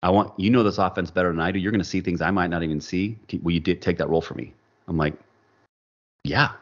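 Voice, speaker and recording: Through dull audio, a deep-voiced man talks fast as he relates a personal story on a podcast. He's lively about it, playing out the quoted dialogue in a casual interview format.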